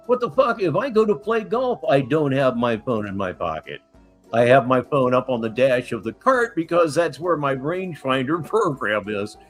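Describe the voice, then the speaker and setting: A man hosts a live stream and mocks a clip, swearing freely as he goes. His pitch swings in a lively way. Faint music plays behind him. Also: normal speed. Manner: mocking, scornful, swears freely. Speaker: stream host reacting to clips. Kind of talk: profane live-stream commentary.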